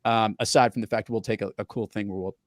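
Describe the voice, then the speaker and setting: A man hosting a podcast in casual chat and telling anecdotes in a lively way. He is a professional speaker. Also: on the low side, quick pace, no room sound, clean studio sound. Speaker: podcast host.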